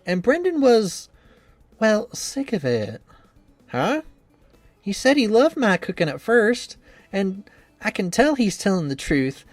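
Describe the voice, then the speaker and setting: A man's voice: sits high, big pitch swings, slow pace, long pauses, no room sound, faint music behind, pitched above the performer's own voice, exaggerated voice. A man voicing a cheerful young woman trainer who is anxious about her cooking, reading a visual novel game in an earnest, rambling, self-doubting way.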